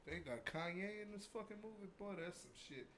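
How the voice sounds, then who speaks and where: A man, co-hosting a podcast with loud, brash, profane banter. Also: sits high, a little fast, a little hiss or hum. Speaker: podcast co-host. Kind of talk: casual chat.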